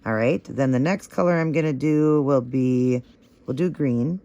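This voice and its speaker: Male tutorial host, mid-pitched, gravelly with vocal fry, chatty and encouraging. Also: measured pace, dark tone, highs cut off. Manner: chatty and encouraging, gushing over the results. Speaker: nail art tutorial host. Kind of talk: step-by-step tutorial narration.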